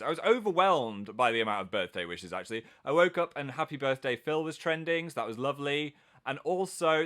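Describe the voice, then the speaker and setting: A man's voice: medium pitch, a bit bright. A man hosting a casual live stream from home, chatting playfully and reading out viewers' comments. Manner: playful, self-mocking, reads out viewer comments.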